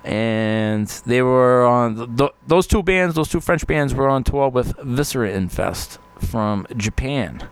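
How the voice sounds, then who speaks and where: A man's voice: medium pitch, lively intonation, measured pace, hardly any pauses, clean tone. A man hosting a podcast, rambling casually in a monologue, swearing constantly and laughing often. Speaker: podcast host.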